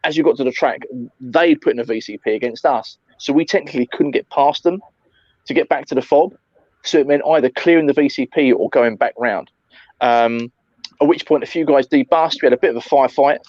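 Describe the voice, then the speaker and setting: A man recounting an airsoft game in casual chat, animated, swearing often and calling his friend mate. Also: medium pitch, brisk, no room sound, lo-fi sound.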